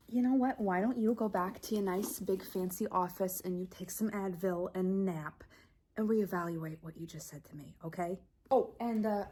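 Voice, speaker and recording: A woman acting out a sharp-tongued married woman from a crime family in an improvised comedy scene, condescending and mock-sweet, dropping into low menacing whispers. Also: natural voice.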